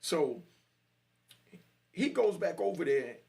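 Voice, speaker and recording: A man's voice: fairly high pitch, sing-song, slow pace, gravelly, a little mellow. A man telling his own jail story in casual street slang, often saying "you know".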